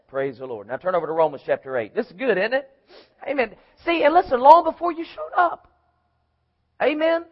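High-voiced man preaching a fiery sermon. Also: highs cut off. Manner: emphatic preaching with call-and-response. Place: church.

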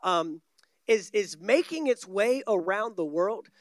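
A man's voice: high voice, lively intonation, slow, no room sound. A man preaching a sermon from a church stage, emphatic and repeating key words for stress. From United States.

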